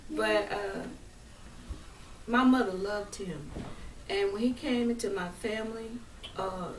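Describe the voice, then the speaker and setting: A woman's voice: mid-range voice, takes it slowly, a little hiss or hum. An older woman telling heartfelt family stories, laughing and emotional at times. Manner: warm, laughing, emotional storytelling. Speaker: speaker at a family gathering. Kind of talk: heartfelt storytelling. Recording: echoey room, voice from far off.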